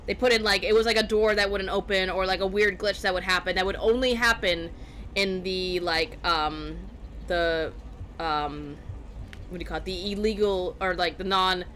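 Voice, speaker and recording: A woman's voice: on the low side, steady tone, normal speed, fairly bright tone, slight background noise. A woman streaming a game, chatting casually and rambling with lots of fillers. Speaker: let's play streamer. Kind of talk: casual gameplay commentary.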